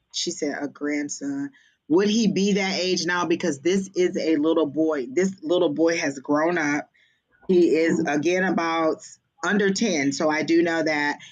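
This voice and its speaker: A woman giving a psychic reading on a livestream, chatty and hesitant, with many pauses and ums. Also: low voice. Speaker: psychic reader. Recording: slightly dull lo-fi stream audio.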